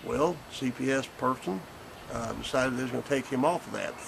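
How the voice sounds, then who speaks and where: Man, fifties, grandfather, very gravelly, mid pitch, blunt, indignant, folksy, faint hiss. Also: a little fast. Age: 50s. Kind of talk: recorded statement. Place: porch outdoors.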